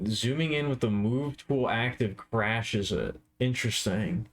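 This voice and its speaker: A tired man chatting casually on a live art stream, with a slow, drowsy, stoner-like drawl. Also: mid-range voice.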